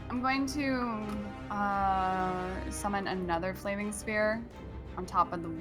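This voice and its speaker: A woman's voice: mid-range voice, slow pace, music in the background. Hesitant woman playing a tabletop game. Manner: hesitant, filler-heavy. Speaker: player.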